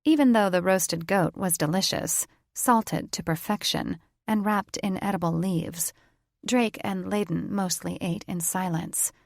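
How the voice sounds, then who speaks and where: A woman reads a fantasy audiobook in a slow, measured way, her voice fairly low with a gravelly fry. The recording is close and dry, with no room sound. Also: no room sound. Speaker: audiobook narrator. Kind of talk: scripted narration.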